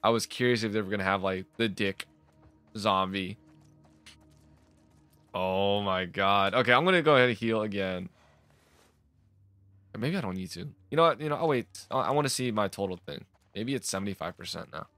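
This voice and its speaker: A man's voice: lowish voice, a bit bright, no room sound. A man giving casual commentary while playing a game, jumpy and exasperated, often swearing and laughing. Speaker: let's play gamer.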